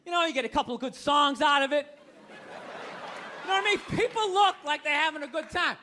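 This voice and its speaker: A man's voice: extremely high pitch, a little fast, bright, forceful tone, a little hiss or hum. A man doing stand-up comedy, ranting in a profane, incredulous way. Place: stage before a live audience.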